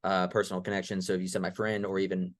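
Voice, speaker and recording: A young man co-hosting a comedy pitch show, telling a long joke in a casual, animated way and acting out the characters as he goes. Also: very fast, dry recording, studio quality. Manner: animated, acts out characters in the story.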